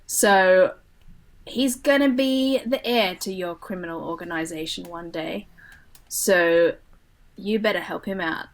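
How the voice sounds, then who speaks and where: Brief: woman voicing a swaggering tough-talking criminal woman, low-pitched. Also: a little slow, low-quality recording. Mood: brash. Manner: brash, swaggering, sweary. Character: brash tough-talking female crook.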